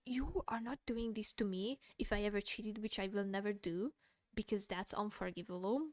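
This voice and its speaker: A woman's voice: medium pitch, fairly even intonation, moderate pace, dry recording. A young woman streamer in casual livestream commentary, ranting hotly while reading a post aloud, swearing and breaking into laughter. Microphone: close mic she bumps.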